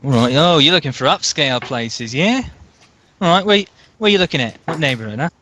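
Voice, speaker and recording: A man voicing a gruff Australian male underworld contact with a put-on Australian accent and blokey slang. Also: a little high, lively intonation, fairly quick, sharp tone, slight background noise. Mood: impatient.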